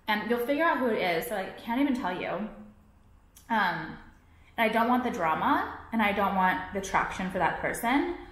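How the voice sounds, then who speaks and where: A young woman vlogs to her viewers in a profane, exasperated rant, constantly saying "like." Her voice is mid-range and fairly bright, recorded in an echoey room.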